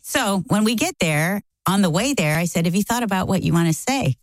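A woman's voice: mid-range voice, fairly quick, no echo. A middle-aged woman co-hosting a casual talk, telling a story and acting out the quoted lines. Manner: animated, acts out quoted lines. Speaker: co-host.

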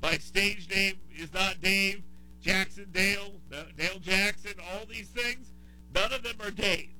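Southern guy hosting talk radio, high bright voice, rants and repeats himself. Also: steady tone, a little slow, soft background music, low-quality recording. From American South. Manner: exasperated ranting with repetition. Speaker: radio talk show host. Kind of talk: casual talk radio chat.

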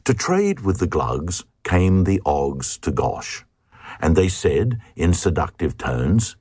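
A man reading a comic rhyming poem aloud in a lively sing-song recitation. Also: sits low, slow pace, slightly rough, no room sound, studio quality. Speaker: narrator.

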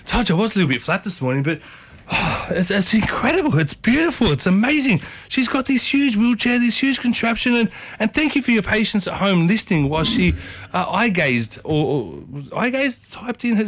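A man with an Australian accent hosting a breakfast radio show in a studio, chatty and excitable, calling his listeners folks. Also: high-pitched, fairly quick. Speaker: radio host. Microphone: studio microphone.

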